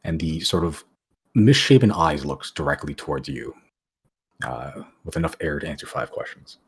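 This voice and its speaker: A man narrating as game master of a tabletop game, describing scenes haltingly with many fillers. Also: extremely low pitch, lively intonation, breathy edge.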